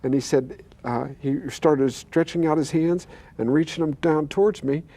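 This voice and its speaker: A man's voice: fairly high pitch, fairly even intonation, moderate pace, dark tone. An older man, a pastor, telling his own healing story earnestly, acting out the voices he quotes and stammering now and then. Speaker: pastor and guest. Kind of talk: telling a personal testimony.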